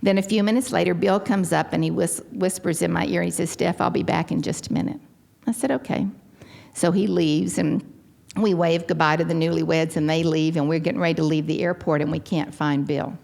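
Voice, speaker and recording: Speaking briskly in a creaky, fairly low voice, an older woman from Texas shares her testimony at a recovery gathering held in a large hall. Her Texan accent comes through as she tells her story with animation, performing each quoted line.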